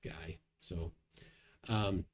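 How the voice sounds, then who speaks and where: A man's voice: deep voice, extremely slow, a little hiss or hum. A man hosting a casual livestream, chatting and reading viewer comments aloud with a chuckle. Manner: lively, chuckling, reads chat aloud. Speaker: livestream host.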